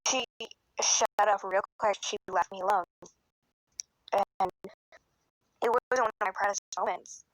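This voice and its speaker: A woman's voice: medium pitch, fairly even intonation, unhurried, long pauses, no echo, poor audio. A teenage girl telling a personal storytime in a rambling, emotional way, swearing a lot and sometimes choking up, recorded on a phone. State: tearful at times. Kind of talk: casual storytime monologue.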